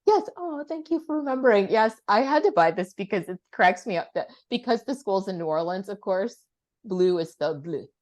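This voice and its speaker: A woman's voice: mid-range voice, animated, fairly quick, a little mellow. A woman co-hosting a podcast over a video call, chatting casually with emphatic agreement. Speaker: podcast co-host. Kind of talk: casual chat.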